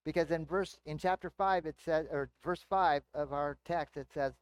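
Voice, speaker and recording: A pastor preaching a sermon in an easy, conversational teaching manner, asking the congregation rhetorical questions. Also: male voice, fairly high pitch, steady tone, normal speed, clear, resonant tone, dry recording.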